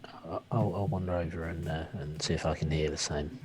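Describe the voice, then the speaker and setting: A man's voice: sits low, fairly even intonation, a little fast, a crowd in the background. A man playing a tabletop game, talking tentatively with frequent stammers. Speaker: player.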